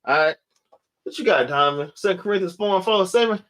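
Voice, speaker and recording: A man teaching a religious class in a loose, casual preaching style, ending many phrases with "man" and reading scripture slowly. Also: high voice, fairly bright tone. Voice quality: casual preaching, repeats "man" at line ends. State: out of breath. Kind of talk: sermon.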